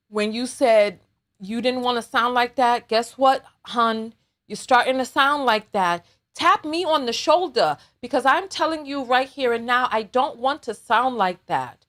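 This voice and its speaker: High-voiced woman chatting slowly on a livestream. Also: fairly bright tone. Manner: emotional, repeats herself, laughs a lot; thanks viewers for donations. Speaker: vlogger and aspiring public speaker. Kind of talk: casual livestream talk.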